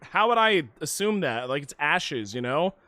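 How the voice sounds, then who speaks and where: A man's voice: fairly high pitch, very animated, normal speed, pushed and bright, a little hiss or hum. A man casually commenting and joking while he plays through a video game and reads its text aloud. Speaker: streamer. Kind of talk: casual let's-play commentary.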